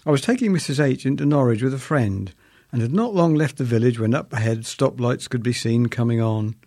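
An older Englishman reads his own comic story aloud, wry and self-mocking, grumbling along as he goes. His voice sits at an ordinary pitch and is recorded dry and close. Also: lively intonation, fairly quick, a little mellow, no echo. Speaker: columnist reading his own piece. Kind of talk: humorous first-person story reading.

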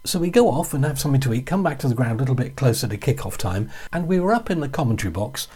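A man with a Yorkshire accent, chatting through a lively anecdote as a guest. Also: medium pitch, fast talker, breathy edge. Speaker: guest storyteller. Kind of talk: casual anecdote.

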